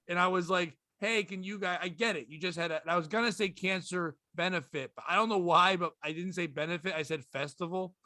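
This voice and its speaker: A man, a comedian guest, telling a story with casual profanity and deadpan delivery on a podcast. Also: high voice, fairly quick, few pauses, no echo, clean studio sound.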